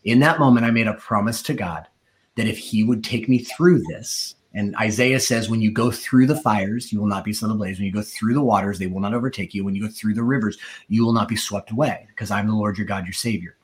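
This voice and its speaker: A man telling his own story in a sermon, acting out the quoted voices as he goes. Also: fairly quick. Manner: storytelling, acts out quoted voices with rising pitch. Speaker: preacher giving testimony. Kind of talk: sermon testimony.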